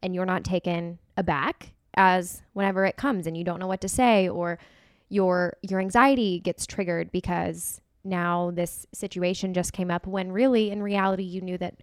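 A woman co-hosting a casual podcast, earnest and emphatic as she gives advice. Her voice sits a little low for a woman. The sound is close and dry. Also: steady tone, moderate pace, smooth, dry recording. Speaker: podcast co-host.

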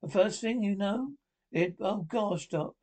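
A man's voice: sits high, unhurried, a little mellow. An actor in 1930s radio acting, voicing a timid, frightened young male lab assistant with a whiny, folksy, pleading way of talking.

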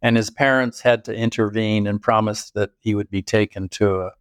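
A man's voice: on the low side, fairly even intonation, normal speed, clear, resonant tone, no echo, clean studio sound. An older man, a biographer, answering interview questions in thoughtful, storytelling detail. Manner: thoughtful storytelling with occasional chuckles. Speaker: biographer guest.

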